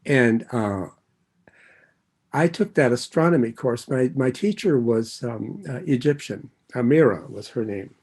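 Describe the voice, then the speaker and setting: At a recovery meeting, an older man shares his personal story in a warm, earnest, rambling way. He digresses, loses his thread and circles back, letting a soft chuckle slip between thoughts. His mid-range voice is expressive and unhurried, with a breathy edge.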